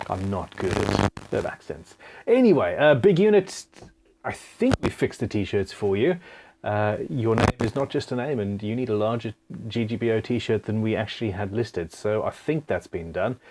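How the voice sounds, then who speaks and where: A man's voice: fairly low pitch, expressive, normal speed, noisy background. A man hosting a casual live stream Q&A from his home studio. He reads viewer comments aloud in a chatty, self-deprecating way. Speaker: live stream host and guitar builder.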